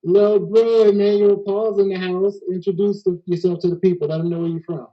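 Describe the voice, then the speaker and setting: A man's voice: high voice, level tone, brisk, highs cut off. A man from Texas hosting a casual panel discussion, easygoing and joking, often repeating words as he gets going. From Houston, Texas. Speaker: host.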